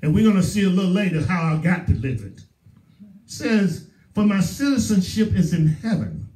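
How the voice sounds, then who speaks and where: A man's voice: sits high, sing-song, normal speed, dark tone. A male pastor with a Southern US accent, preaching a sermon with emphatic repetition. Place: church sanctuary. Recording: roomy echo, voice from far off.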